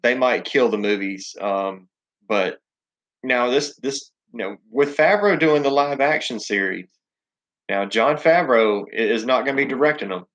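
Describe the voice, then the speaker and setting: A man's voice: medium pitch, animated, unhurried, a bit bright. A man with a Southern US accent hosting a casual live chat, rambling and swearing, full of ums and restarts. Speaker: live stream host.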